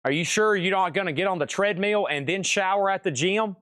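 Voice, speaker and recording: A man's voice: high-pitched, a little fast, a bit bright, no room sound, clean studio sound. A man hosting a live record sale stream, calling out lots and start prices, rambling and joking between auctions. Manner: rambling, joking, self-deprecating. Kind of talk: livestream auction chatter.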